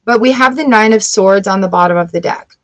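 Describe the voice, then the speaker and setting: A woman's voice: medium pitch, brisk, fairly bright tone, a little hiss or hum. A woman giving a live-streamed tarot reading in a chatty, emotional way, weepy and laughing often. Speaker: tarot reader.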